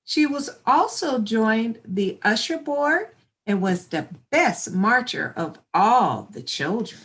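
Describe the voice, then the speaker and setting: Slow, lively woman reading a storybook. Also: fairly high pitch. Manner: slow, expressive, encouraging. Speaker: storybook reader. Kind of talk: children's story read-aloud.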